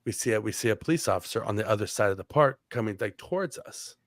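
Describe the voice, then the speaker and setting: A man's voice: fairly low pitch, expressive, quick pace, no echo, studio quality. A man on a podcast telling a long story casually, with many "like" fillers and restarts. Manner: rambling, heavy on "like" fillers and restarts. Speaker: podcast co-host.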